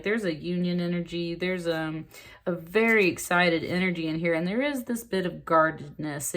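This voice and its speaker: A woman with a fairly low voice talks through a tarot reading in a loose, chatty way. She gets excited as she goes and scatters fillers and little asides through her talk. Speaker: tarot reader. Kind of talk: casual spoken tarot reading.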